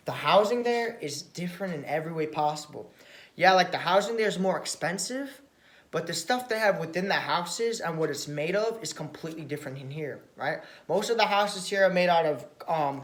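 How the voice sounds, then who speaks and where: An American man telling a casual travel story to camera. He rambles, repeats phrases and often ends sentences with a quick "right?". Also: fairly high pitch, reverberant. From United States. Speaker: vlogger.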